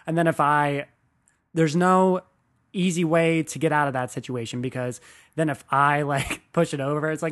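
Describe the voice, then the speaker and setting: A man's voice: on the high side, steady tone, moderate pace, fairly bright tone. A man hosting his own podcast, telling stories in a loose, rambling monologue. He swears freely and pokes fun at himself as he talks. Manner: rambling, profane, self-deprecating. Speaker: podcast host. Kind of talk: casual comedic monologue.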